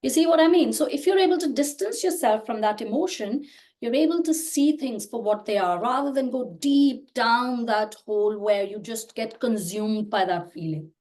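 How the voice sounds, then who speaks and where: A woman's voice: a little high, animated, normal speed, darkish tone. A woman in her thirties, a podcast guest, explaining earnestly in casual conversation, often restarting her sentences. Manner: earnest, explains with many restarts and "you know". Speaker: podcast guest, personal growth creator.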